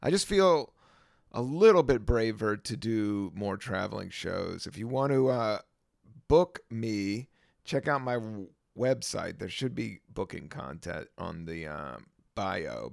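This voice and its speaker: A man hosting his own podcast, a stand-up comedian talking in a relaxed, meandering way with lots of fillers and a gravelly voice. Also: fairly low pitch, slow pace, no echo, clean studio sound. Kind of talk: casual rambling monologue.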